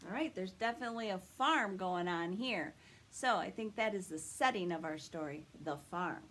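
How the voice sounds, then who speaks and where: A woman, a children's librarian, reading a picture book aloud at story time, animated and expressive and asking the children questions. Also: medium pitch, moderate pace, a little hiss or hum.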